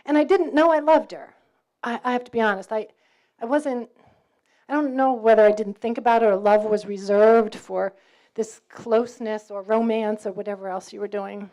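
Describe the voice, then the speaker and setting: Lively New York woman telling a story. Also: mid-range voice, moderate pace, lo-fi sound. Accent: New York, mostly faded. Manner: lively storyteller, acts out dialogue, laughs often. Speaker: campus speaker. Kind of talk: personal faith story told to students.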